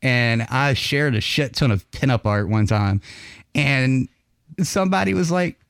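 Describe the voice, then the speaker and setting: A man's voice: mid-range voice, unhurried, vocal fry, smooth, no room sound, studio quality. A man hosting a casual veterans' talk show, telling stories with heavy swearing and frequent laughter. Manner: profane, laughs often, lively storytelling. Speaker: podcast host. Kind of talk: casual chat.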